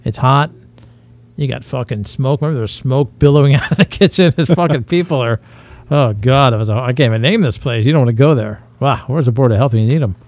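A man's voice: mid-range voice, fast talker, darkish tone. A man in his fifties telling rambling, profane stories in casual podcast chat, slipping into impressions. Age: 50s. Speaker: podcast co-host.

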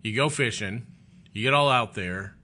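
A man's voice: medium pitch, normal speed, pushed and bright, a little hiss or hum. A man hosting a podcast, reacting briefly and recapping his guest's story. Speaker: podcast host. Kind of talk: interview chat.

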